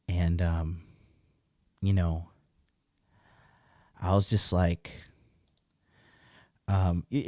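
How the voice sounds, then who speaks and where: Low-voiced man ranting bluntly. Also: flat delivery, slow, long pauses, warm tone, dry recording, studio quality. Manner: blunt, heavy swearing, rambling asides. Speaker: dating coach host. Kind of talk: casual profane rant to camera. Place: seated at a desk, indoors.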